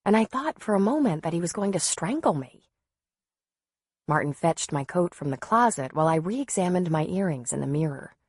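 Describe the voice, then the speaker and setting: A woman narrating a novel in the first person, in a measured, softly expressive way. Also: lowish voice, breathy edge, no echo, clean studio sound. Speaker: audiobook narrator.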